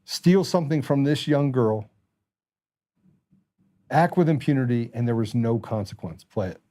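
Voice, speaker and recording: A man's voice: mid-range voice, normal speed, warm tone. A middle-aged man hosting a talk show, delivering an angry, impassioned political commentary monologue.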